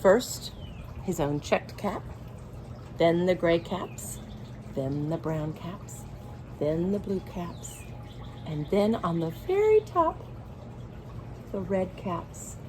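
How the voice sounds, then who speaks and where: A woman reads a picture book aloud to young children at a very slow, careful pace. Her voice sits a little low and stays gentle as she explains things to her listeners. A faint hiss of noise stays in the background. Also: sing-song, rough recording. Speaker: children's storybook reader.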